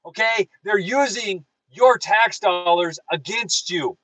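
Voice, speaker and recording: Streaming a live political show from his car, a male host with a high-pitched, slightly bright voice speaks at a moderate pace, preaching with fire straight to viewers and reading their chat. The recording is dry and the audio poor.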